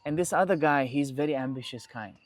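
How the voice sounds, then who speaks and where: A man's voice: a little high, brisk. Reflective young man musing aloud. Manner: reflective, restarts and repeats phrases. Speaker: podcast guest. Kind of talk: casual conversation.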